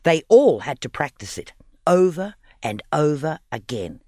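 A man narrating a children's audiobook story in an expressive, playful reading. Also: on the high side, measured pace, no echo, studio quality.

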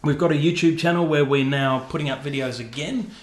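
Man, podcast host, slightly high, chatty and self-deprecating, echoey room. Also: brisk. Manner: chatty, self-mocking, rambling with fillers. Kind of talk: casual podcast chat.

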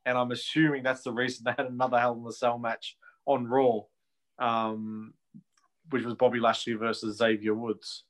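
A man's voice: mid-range voice, little pitch movement, normal speed. A man co-hosting a podcast in casual, opinionated chat, laughing easily. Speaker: podcast co-host.

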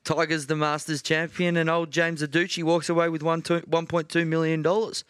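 A man's voice: fairly high pitch, little pitch movement, a little fast, a bit bright, clear, resonant tone, no room sound. A man co-hosting a podcast, telling a sports story in casual chat with frequent laughs. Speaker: podcast co-host.

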